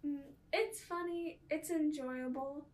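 A young woman co-hosts a casual movie review chat with a bright, high voice. She sounds bubbly and quick to gasp or giggle. She is caught from some distance from the microphone. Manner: bubbly, laughs and gasps often. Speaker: podcast co-host. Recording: roomy, far from the mic.

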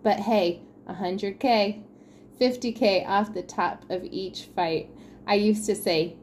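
Woman podcast cohost, mid pitch, reads tweets out loud, bit of faint noise behind. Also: steady tone, slow pace. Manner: reads out quotes, laughs at them. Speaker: podcast co-host. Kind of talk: casual sports chat.

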